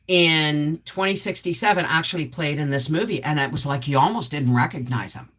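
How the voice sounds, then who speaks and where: A woman's voice: low-pitched, animated, a little fast, few pauses, pushed and bright. A woman hosting a casual livestream, chatting and rambling through asides as she greets viewers. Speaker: homestead channel host.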